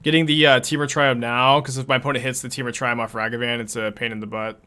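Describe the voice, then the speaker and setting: A man's voice: medium pitch, level tone, quick pace, sharp tone, smooth. A young man casually commenting on a card game as he plays, thinking aloud and laughing often.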